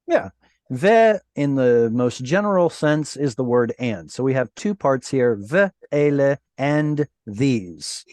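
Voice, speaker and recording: A man at middle pitch leads a Hebrew lesson over a video call. He explains patiently and slows down to sound out each Hebrew word. The sound is dry and close, with no room in it. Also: animated, a little mellow, no echo. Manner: patient, explanatory, pronounces Hebrew words slowly. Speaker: Hebrew teacher. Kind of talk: online class teaching.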